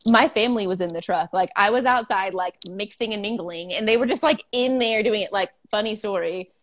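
A woman's voice: mid-range voice, fairly quick, fairly bright tone. Chatty young woman, laughing often. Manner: chatty, laughing, many "like" fillers. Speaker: food truck owner. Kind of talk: casual interview chat.

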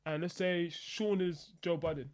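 A man's voice: high voice, fairly even intonation, measured pace. A young man co-hosting a podcast, rambling with restarts as he acts out quotes. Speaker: podcast co-host. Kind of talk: casual chat.

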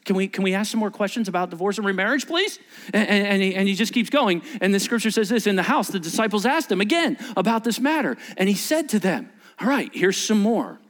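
A male pastor preaching a sermon, acting out dialogue and swinging between loud bursts and hushed near-whispers. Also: high-pitched, animated, brisk.

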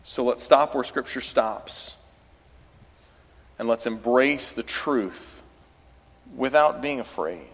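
Speaking slowly and pausing often, this man from the American South delivers a sermon in a mid-range voice. His conversational preaching climbs into emphatic bursts. The sanctuary recording carries a long church-hall reverb.

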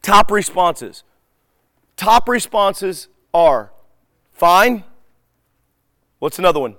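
Man, lively teaching talk, acts out dialogue, slightly high voice, smooth and clear, dry close sound. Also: slow pace, dry recording. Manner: animated storyteller who acts out dialogue. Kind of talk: conversational teaching talk to a live audience.

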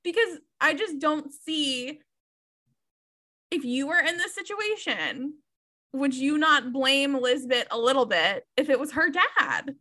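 Young woman on a podcast, high bright voice, laughs a lot and swears, super candid book chat. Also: lively intonation, takes it slowly. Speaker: podcast co-host.

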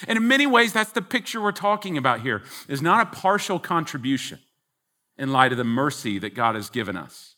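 Bright-voiced man preaching earnestly. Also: mid-range voice, big pitch swings, fairly quick. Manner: earnest, emphatic, teaching from scripture. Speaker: pastor. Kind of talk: sermon.

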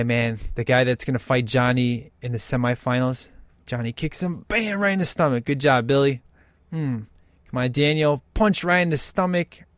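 A man with a mid-range voice talks through a film in casual commentary, enthusiastic and emphatic and packed with slang. The recording is dry.

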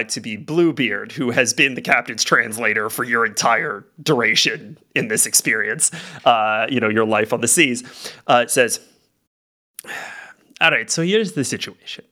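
Bright-voiced man narrating as game master. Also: medium pitch, moderate pace. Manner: casual, profane, filler-heavy narration.

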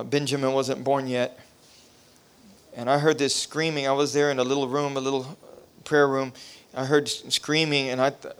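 Smooth-voiced male pastor preaching. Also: mid-range voice. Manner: preaching with rising emphasis, drops to quiet storytelling. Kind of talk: revival sermon.

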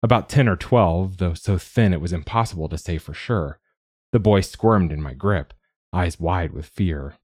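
A man narrating a novel in the first person with measured, steady delivery. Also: low voice, no echo, studio quality. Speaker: audiobook narrator.

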